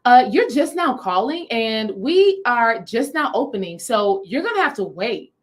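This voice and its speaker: A woman's voice: a little high, big pitch swings, a little slow. A woman imitating an impatient female store clerk with a clipped, dismissive manner.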